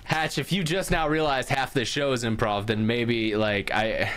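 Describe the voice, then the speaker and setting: A man's voice: medium pitch, fairly even intonation, moderate pace, fairly bright tone. A man co-hosting a casual podcast over a call, teasing his friends, laughing often and swearing freely. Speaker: podcast co-host. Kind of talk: casual chat.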